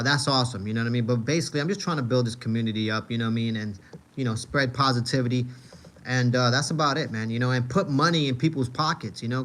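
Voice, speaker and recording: A Manhattan native with a New York accent reads viewers' comments aloud during a casual livestream chat, speaking in a mid-range voice. He rambles and circles back to repeat his own lines, his relaxed delivery packed with filler and frequent "you know what I mean."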